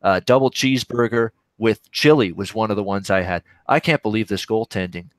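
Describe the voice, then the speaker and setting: A man's voice: lowish voice, fairly quick, no room sound. A Canadian man hosting a betting livestream, chatting loosely with viewers and reacting to games as they play out. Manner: rambling, reacting live to games. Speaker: sports betting show host. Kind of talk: casual livestream chat reading viewer questions.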